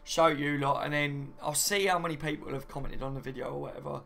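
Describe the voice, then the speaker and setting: A man's voice: fairly high pitch, fairly even intonation, fast talker, creaky, bright, forceful tone. A young man hosting a live stream, reading out viewer comments in a chatty, matey way. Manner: chatty and matey, often says "mate" and "do you know what I mean".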